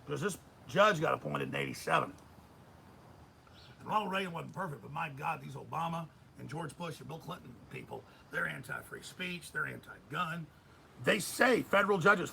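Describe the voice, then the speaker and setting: Gravelly, emphatic man ranting. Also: a little high, pushed and bright, slight background noise, low-quality recording. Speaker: radio host. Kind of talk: heated political commentary.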